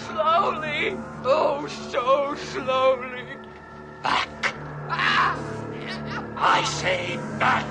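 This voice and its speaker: A woman playing a menacing vampire servant from a horror film clip, drawing out slow threats. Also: high-pitched, big pitch swings, gravelly, music in the background, voice pushed up, exaggerated voice.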